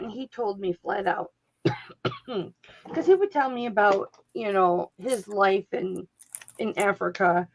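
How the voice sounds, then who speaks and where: This co-host of a live sale stream is a woman with a mid-range, somewhat dark voice. She's chatty and jokey, quoting people as she tells her stories. Sound quality is dull and lo-fi.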